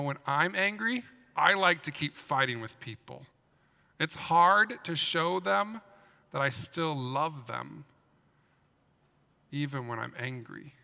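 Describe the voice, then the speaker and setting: A man speaks as a pastor giving a children's sermon. His voice sits a bit high and carries gravelly fry, and he tells the story with animation, asking his listeners questions. The sound has a crisp, forceful edge and rings with the long reverb of a church. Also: unhurried. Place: church sanctuary.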